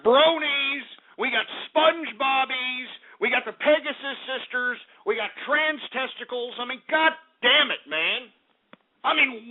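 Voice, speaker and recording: A man hosting a call-in radio show, ranting angrily at callers with lots of swearing and stammered restarts. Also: very high voice. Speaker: radio talk show host. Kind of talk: angry call-in show rant. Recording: lo-fi phone-like audio.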